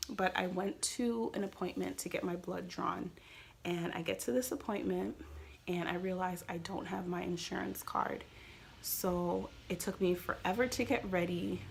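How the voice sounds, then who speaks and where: A woman's voice: fairly low pitch, gravelly, slightly rough. A woman vlogger candidly telling a personal story as she shares tips, confiding in tone and often quoting what people said. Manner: candid, confiding, with quoted dialogue and soft trailing phrases. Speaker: vlogger sharing pregnancy coping tips.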